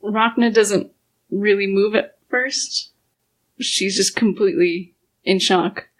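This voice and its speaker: A woman playing a tabletop role-playing game who describes her character's actions in a halting, searching way. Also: mid-range voice, steady tone, poor audio. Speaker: player.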